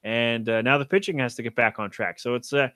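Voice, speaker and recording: A man's voice: mid-range voice, steady tone, fairly quick, bright, forceful tone, no room sound, clean studio sound. A man hosting a casual solo podcast, rambling offhand and self-deprecating about sports, with casual swearing. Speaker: podcast host.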